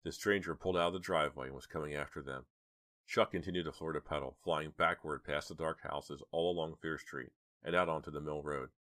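A man narrating an audiobook with measured, dramatic storytelling. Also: rumbling low, fairly even intonation, a bit bright, dry recording. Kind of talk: audiobook reading.

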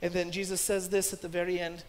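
A man pastor preaching a sermon emphatically, with loud stresses that drop into hushed asides. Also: high voice, little pitch movement, quick pace. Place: church sanctuary. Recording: long church-hall reverb.

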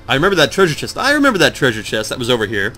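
A just-woken, groggy let's play commentator races through his casual gameplay talk, rambling, swearing at his confusion, and speaking straight to viewers. Faint game music runs beneath his bright, forward voice, whose excitable pitch jumps around in lively swings.

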